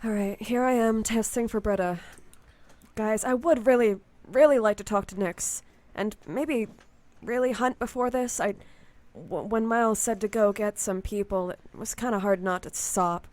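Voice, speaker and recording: A woman's voice: mid-range voice, normal speed, darkish tone, lightly acted. A woman voicing an anxious, talkative woman at a vampire court, rambling and stumbling over her words. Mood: worried. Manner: rambling, stumbling, increasingly indignant. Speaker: player voicing her character.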